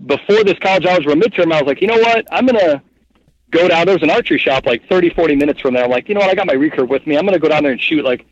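A man in his thirties telling a long story as a guest in an interview, rambling and animated, with lots of fillers. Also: on the high side, rapid-fire, few pauses, dull audio. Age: 30s. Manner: rambling, animated, heavy with fillers like "like" and "you know what I mean". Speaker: guest, hunting guide and cameraman.

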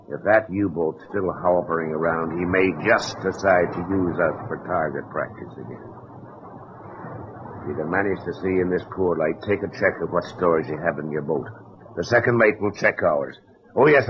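A proud, defiant older merchant captain, played by an actor in a vintage radio drama. His voice sits low and curt. The broadcast sounds dull with a clear hiss behind it. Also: natural voice. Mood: commanding. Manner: gruff, curt and scornful.

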